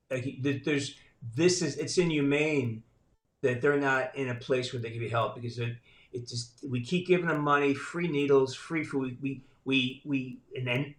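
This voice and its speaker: A man's voice: medium pitch, a bit bright. A man as a podcast guest in casual chat, speaking bluntly and measuredly with frequent restarts. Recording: roomy echo.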